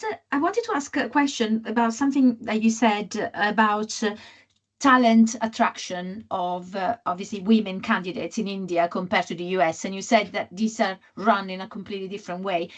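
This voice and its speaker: A woman's voice: mid-range voice, lively intonation, moderate pace. A woman attendee on a video call asking a question, polite and a bit hesitant.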